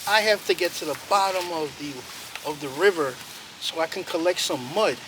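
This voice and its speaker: A big grizzly bear rumbles low and quiet, as a man acts him out in an outdoor storytelling. He sounds heavy and discouraged. Loud traffic noise fills the background. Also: normal speed, close to an everyday voice. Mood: worried. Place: outdoors by a road.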